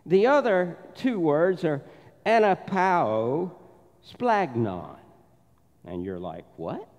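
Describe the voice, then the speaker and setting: On the high side and a little mellow, this Southern pastor's voice moves slowly through big pitch swings. He preaches in a church sanctuary, telling stories and acting out the voices of their characters. The recording is dull, with long church reverb.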